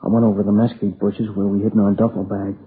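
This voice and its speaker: An actor playing a grieving young man who tells, haltingly and in a subdued voice, how his friend was killed, in a radio drama. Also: lowish voice, little pitch movement, lightly acted. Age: young adult. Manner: halting, subdued, plain-spoken. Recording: tinny lo-fi old radio recording with faint hiss.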